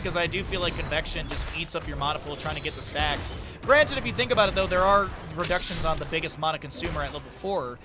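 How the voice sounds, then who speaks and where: A man casting a game live on stream, casual, upbeat and jokey as he chats with his viewers. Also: a little high. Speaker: esports caster and streamer.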